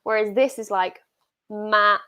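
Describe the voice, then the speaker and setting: Young british woman chatting away, lots of likes and ums, mid-pitched. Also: steady tone, slow pace, sharp tone. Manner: chatty, filler-heavy, enthusiastic. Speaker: co-host. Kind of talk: casual chat.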